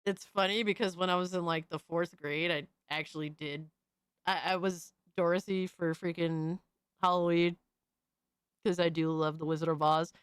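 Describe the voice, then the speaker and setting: A young woman streamer giving excitable, profane live reaction commentary, full of hype shouts and swearing. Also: fairly low pitch, moderate pace, smooth, dry recording, studio quality. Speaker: streamer host.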